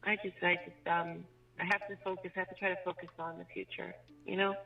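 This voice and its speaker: A woman's voice: on the low side, flat delivery, fast talker, vocal fry. A woman speaking emotionally and pleadingly to her fiance on a jail phone call. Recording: muffled phone recording with faint music.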